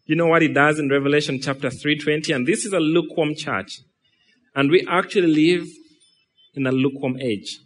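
A man preaching a sermon, animated and dramatic, acting out quoted speech and shifting from loud rhetorical questions to hushed, slowed lines. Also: fairly high pitch. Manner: acts out quotes and imagined dialogue in the middle of preaching.

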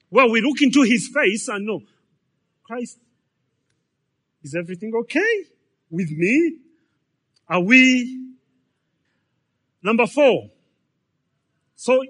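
A man's voice: high voice, fairly bright tone. A man, preaching a sermon in a conversational way, full of repetitions and rhetorical questions. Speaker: pastor.

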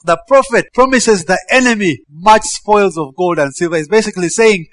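A man preaching a sermon, animated, breaking into shouted quoted commands and laughing between verses. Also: high voice, moderate pace, no room sound.

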